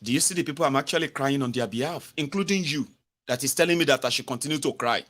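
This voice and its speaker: A man's voice: medium pitch, quick pace, fairly bright tone. A Nigerian man with a Pidgin English accent, giving sarcastic, exasperated political commentary. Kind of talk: ranting video commentary.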